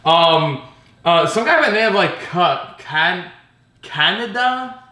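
A man's voice: on the high side, lively intonation, unhurried, bright, forceful tone. A man hosting a casual pinball vlog, ranting sarcastically with plenty of swearing and laughter. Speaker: pinball vlogger. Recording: roomy echo.

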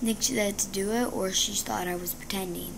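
A chatty female vlogger tells a dramatic story straight to camera, now and then slipping into a whisper. Her voice sits at an ordinary pitch for a woman. A steady hiss of background noise runs under her words. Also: fairly quick, gravelly. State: injured ankle.

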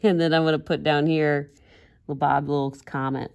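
A woman's voice: sits low, level tone, moderate pace, darkish tone. A woman art teacher giving a casual drawing demonstration, chatty and giggling at her own jokes.

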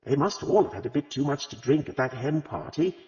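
A man voicing a gentle, wry vicar's wife who speaks ruefully and calmly. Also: fairly high pitch, fairly quick, natural voice. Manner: rueful and calm. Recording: dull lo-fi audio with long reverb.

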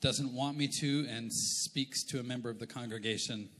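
A man's voice: mid-range voice, steady tone, normal speed, fairly bright tone. A middle-aged Canadian man preaching a sermon as pastor, in a conversational, joking way. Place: church auditorium. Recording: long echo of a large church hall.

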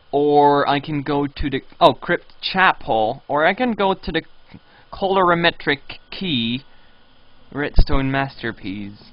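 A young man live-streaming a game and chatting with viewers in a playful, teasing way, now and then breaking into high squealing pleas. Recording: dull lo-fi stream audio.

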